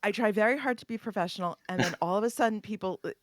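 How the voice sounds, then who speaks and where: A woman hosting a podcast interview, chatty and expressive. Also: mid-range voice, racing, no room sound, clean studio sound. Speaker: podcast host. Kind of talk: casual interview chat.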